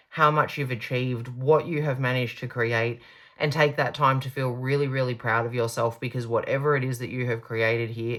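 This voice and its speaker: A woman's voice: very deep voice, a bit bright. A woman giving a pick-a-card tarot reading, gushing and reassuring, stretching out her emphatic words.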